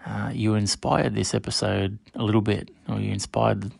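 Gravelly-voiced man hosting a podcast. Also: lowish voice, flat delivery, normal speed, darkish tone, no room sound, studio quality. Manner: chatty, addresses listeners directly by name. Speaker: podcast host. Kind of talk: casual solo podcast monologue.

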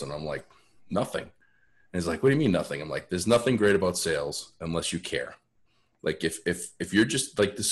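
A man guesting on a podcast, telling stories in a blunt, frank way and often restarting his sentences. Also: deep voice. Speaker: podcast guest, sales author. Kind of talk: casual storytelling.

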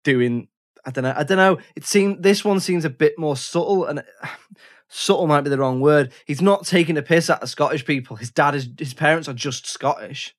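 A man co-hosting a casual film chat, relaxed and jokey, often hesitating. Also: a little high, normal speed. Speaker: podcast co-host.

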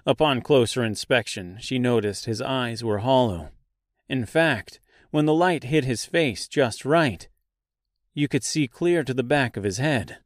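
A man reads a storybook chapter in an unhurried, deliberate voice of middling pitch. The sound is dry and close, with no room echo. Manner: measured storyteller reading. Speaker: audiobook narrator. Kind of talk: scripted narration.

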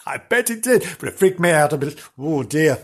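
A man hosts a podcast and tells the story with theatrical gusto, piling on exclamations and jokes. His voice sits fairly high and swoops widely, with a slightly husky edge. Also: sing-song, moderate pace. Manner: theatrical and gushing, with big exclamations and self-aware jokes. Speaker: podcast host. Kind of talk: chatty comic storytelling.

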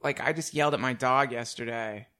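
A male podcast host talks casually and animatedly, swearing and laughing as he goes. His mid-range voice is brisk, pushed, and bright.

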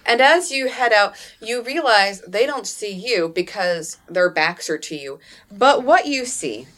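A woman runs a tabletop game as its narrator. Her pitch sits at an everyday middle height. She talks in a loose, chatty way, full of fillers. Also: animated, unhurried, a bit bright. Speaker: game master.

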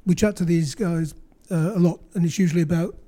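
A man's voice: a little high, fairly even intonation, brisk, mellow. A man who writes for a magazine, chatting casually on a panel with a few fillers. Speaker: magazine journalist.

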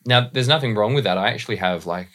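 Bright-voiced Australian voice coach. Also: male voice, fairly low pitch, fast talker. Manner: thoughtful, explanatory, uses images and examples. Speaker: voice and dialect coach. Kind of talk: podcast interview.

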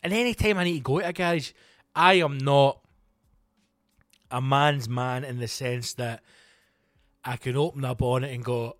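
A man's voice: medium pitch, normal speed, pauses often, dry recording. A Scottish man in middle age spins a comic tale, swearing freely and laughing at himself. His voice is close and dry, with no room sound around it. He has an everyday, middle-range voice. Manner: profane, animated, self-mocking. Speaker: comedian podcast host. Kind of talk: comic storytelling monologue.

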